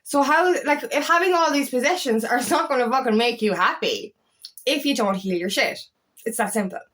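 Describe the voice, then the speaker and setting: Blunt self-help coach woman, slightly high voice, swears a lot, heated rant vibe. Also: normal speed. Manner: blunt and heated, swears often, animated rants. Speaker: feminine empowerment coach. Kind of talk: casual talk to camera.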